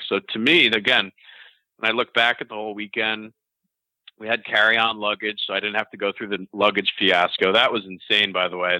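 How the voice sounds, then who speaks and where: A man telling an interviewer a story in a casual, animated way, laughing at himself. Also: lowish voice, dry recording, rough recording. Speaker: interview guest.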